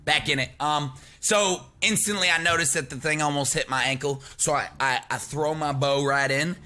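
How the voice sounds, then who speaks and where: A man playing a tabletop game over a call, excitable and casually swearing. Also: fairly high pitch, normal speed. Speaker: player.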